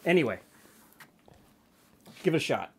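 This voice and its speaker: A man hosting a cooking show, explaining a blind tasting in a relaxed, plain-spoken way from his studio. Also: on the high side, unhurried, breathy edge. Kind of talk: casual tasting chat. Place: home studio kitchen.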